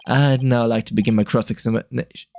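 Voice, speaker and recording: A man's voice: mid-range voice, steady tone, quick pace, vocal fry, a little mellow, close to an everyday voice. A man streaming a game, reading an earnest male defense attorney in his own plain voice. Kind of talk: casual game dialogue reading.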